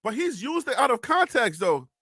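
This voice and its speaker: A high-pitched man hosts a casual live sports stream with a bright, forceful edge to his voice. He talks straight to the chat in a lively way, laughing often and repeating himself. The sound is close and dry. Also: moderate pace, no echo. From North Carolina, US South.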